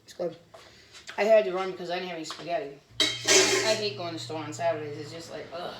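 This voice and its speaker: A fast talker with a voice on the low side, she cooks in her home kitchen and rambles bluntly for a chatty cooking vlog, though she's sick with bronchitis. Background noise can be heard.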